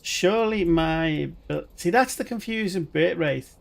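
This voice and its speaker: Chatty gamer on a stream, raised pitch and gravelly fry, rambles to chat. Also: male voice, a little slow. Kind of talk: live gaming stream commentary.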